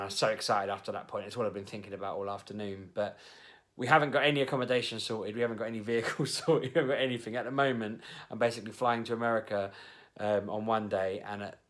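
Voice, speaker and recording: Chatty man, slightly low voice. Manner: rambling, chatty, with fillers and restarts. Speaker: vlogger, host of the show. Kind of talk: casual storytelling to camera.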